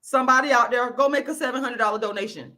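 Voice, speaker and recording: A woman from Florida, hosting her own channel and ranting angrily into the camera with loud, profane, repetitive emphasis. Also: on the high side, fast talker. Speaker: YouTube channel host. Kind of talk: angry direct-to-camera rant.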